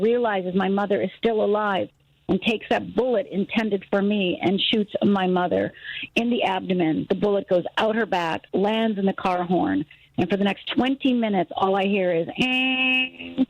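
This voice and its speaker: A middle-aged woman from Upper Michigan, a guest on a radio talk show, telling a personal story in an animated way, acting out voices and laughing easily. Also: medium pitch, no echo, dull audio. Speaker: guest, fear expert.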